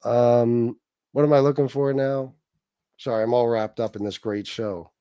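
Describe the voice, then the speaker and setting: A man's voice: mid-range voice, fairly even intonation, a little slow, mellow, smooth, dry recording. A man hosting a livestream, ranting in a profane, sarcastic, mocking way. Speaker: livestream host.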